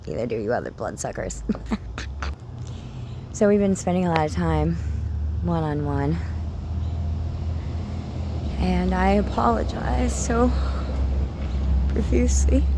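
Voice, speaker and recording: Her voice is fairly high and sing-song, slow, with vocal fry and frequent pauses over a noisy background. Recording outdoors as a spiritual content creator, she shares a personal, emotional talk to camera and often sinks into a whisper.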